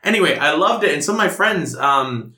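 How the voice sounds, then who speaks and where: A man's voice: fairly high pitch, animated, a little fast, bright, forceful tone. A young man chatting casually, rambling and self-mocking with lots of fillers as he tells a story. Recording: roomy echoey room.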